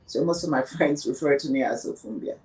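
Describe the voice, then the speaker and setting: A woman's voice: a bass voice, a little fast, far from the mic, crowd noise, poor audio. A woman guest on a podcast, talking earnestly and emphatically about grief, repeating words for stress. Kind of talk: reflective conversation on grief.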